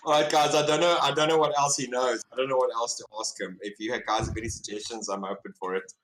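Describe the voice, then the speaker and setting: A man's voice: medium pitch, fairly even intonation, fast talker, fairly bright tone, rough recording. A man playing a tabletop game who chats casually, with an uncertain, giggly manner. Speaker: player.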